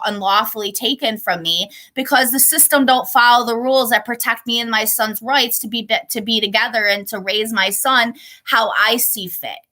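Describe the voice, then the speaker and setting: A woman's voice: on the high side, bright, forceful tone. A woman reading her own children's book aloud, breaking off into digressive, apologetic asides.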